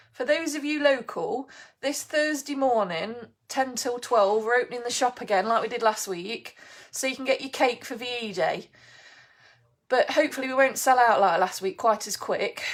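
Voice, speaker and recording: A woman's voice: medium pitch, vocal fry. Chatty woman hosting a bake-along. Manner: chatty and warm, reads out viewer comments, breaks into laughs. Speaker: baker and shop owner hosting a live bake-along. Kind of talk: chatty live-stream baking demo. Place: home kitchen.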